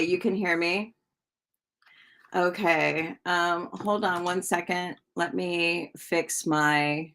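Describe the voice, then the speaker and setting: Slow, gravelly-voiced woman tarot reader. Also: lowish voice, a bit bright. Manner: chatty, reads out viewer comments and answers them; slow and drawn-out with many ums. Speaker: tarot reader streaming live. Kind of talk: casual live-stream chat with viewers.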